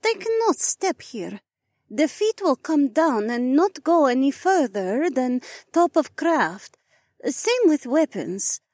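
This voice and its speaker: A man's voice: very high voice, big pitch swings, a little mellow, dry recording, voice pushed up, exaggerated voice. A man voicing a proud, blunt alien woman pilot who talks in clipped, broken English. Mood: matter-of-fact. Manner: clipped, halting speech with dropped words.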